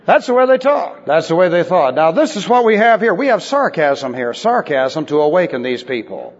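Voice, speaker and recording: A man preaching a sermon, wry and lively, dropping into sly asides. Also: fairly high pitch, normal speed. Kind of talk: expository sermon. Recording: dull recording in a large reverberant hall.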